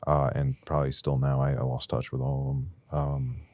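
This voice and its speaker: A young man with an extremely deep voice tells a rambling, candid recovery story into a podcast mic. The sound is close and dry, with no room around it, and his voice climbs loud and intense at the peaks. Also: little pitch movement, normal speed, no room sound. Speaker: podcast guest.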